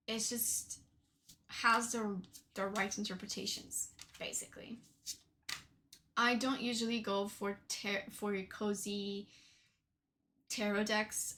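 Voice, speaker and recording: A woman's voice: mid-range voice, bright, forceful tone. A young woman from Portugal chatting casually about her tarot decks, with frequent fillers and tag questions. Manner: chatty, many fillers and "right?". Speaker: tarot deck reviewer. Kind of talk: casual deck showcase.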